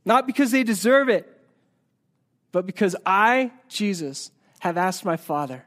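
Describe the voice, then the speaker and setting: High-voiced man preaching earnestly. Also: lively intonation. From United States. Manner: earnest, swings between loud emphasis and hushed slow passages. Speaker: pastor. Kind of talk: sermon. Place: church sanctuary.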